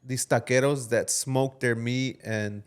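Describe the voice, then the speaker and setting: A man's voice: mid-range voice, fairly even intonation, a little slow, clear, resonant tone. A man co-hosting a podcast, telling a story in a loose, casual way with some swearing. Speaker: podcast co-host. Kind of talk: casual chat.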